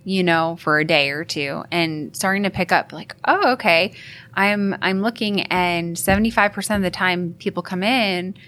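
A woman guest on a live podcast, talking chattily and lively about her field. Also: on the low side. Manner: lively, chatty, quick to laugh. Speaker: marketing guest. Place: expo hall.

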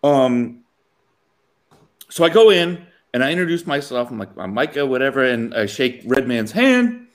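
A man's voice: mid-range voice, sing-song, normal speed. A man casually telling a long funny story to a co-host, acting out the people in it and laughing often.

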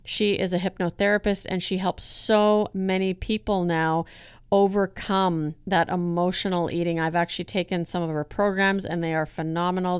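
A woman's voice: on the low side, smooth, dry recording, studio quality. A woman hosting a podcast, introducing her guest and interviewing her in an upbeat, enthusiastic way. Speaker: podcast host.

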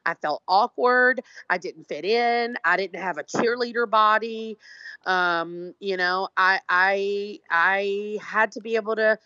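A woman's voice: medium pitch, slow pace, pushed and bright, no room sound. A woman artist being interviewed, talking in a brash, emphatic, profane way. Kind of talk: casual conversational interview. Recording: dull lo-fi dry sound.

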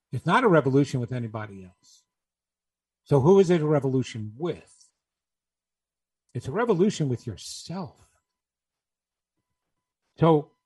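Man, motivational talk, emphatic, rhetorical, slow delivery, slightly higher voice. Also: darkish tone, husky. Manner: emphatic, rhetorical, repeats key phrases. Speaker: speaker on New Year's resolutions.

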